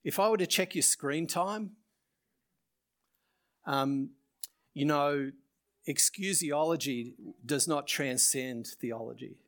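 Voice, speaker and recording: A male pastor closing his sermon, reciting a rhyming poem slowly and earnestly, then leading a prayer. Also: fairly high pitch, fairly bright tone.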